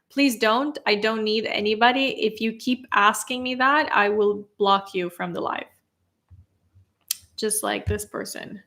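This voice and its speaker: A woman's voice: mid-range voice, bright, forceful tone. A young woman speaking English as a second language, casually answering viewer questions on a livestream, chatty and laughing often. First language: non-native English speaker. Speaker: content creator answering live chat questions.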